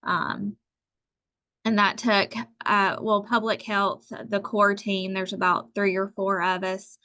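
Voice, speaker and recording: Heldere vrouw op een videogesprek. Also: female voice, mid-range voice, little pitch movement, slow, sharp tone. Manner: conversational, many fillers. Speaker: tribal health department presenter. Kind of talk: webinar talk.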